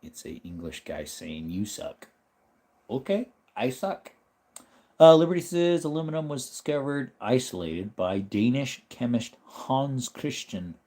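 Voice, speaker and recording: Laid-back American man chatting on a live stream. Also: mid-range voice. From United States. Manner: relaxed, chatty, reads chat aloud and laughs often. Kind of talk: casual live stream chat.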